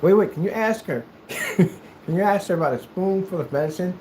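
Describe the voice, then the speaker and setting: A man from the United States chatting casually while he plays, telling rambling, animated stories in a hyperactive way. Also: sits high, fairly quick, a little hiss or hum. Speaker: gaming streamer. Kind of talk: casual chat while playing.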